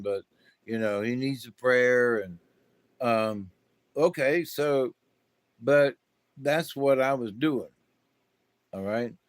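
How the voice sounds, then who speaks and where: Slow, rambling man musing aloud. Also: medium pitch, clean tone, no echo. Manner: slow, meandering, many fillers and restarts. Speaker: spiritual talk host. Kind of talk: rambling casual monologue.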